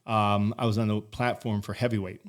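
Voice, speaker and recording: Man, low voice, 40s, casual podcast guest, rambling, profane, restarts a lot. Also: flat delivery, a little fast. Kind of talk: casual conversation.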